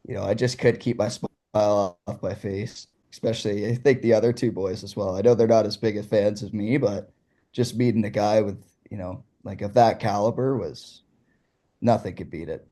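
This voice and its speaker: A young man from Ontario talks as a guest on an interview show. His voice sits low and mellow, and he tells his story excitedly, laughing along the way. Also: normal speed. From Ontario, Canada. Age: young adult. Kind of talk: casual storytelling.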